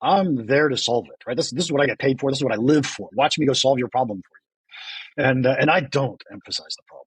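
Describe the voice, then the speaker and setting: A man hosting a podcast in a casual interview chat, self-deprecating and quick to laugh, often repeating words when he gets excited. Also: medium pitch, husky, no echo. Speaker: podcast host.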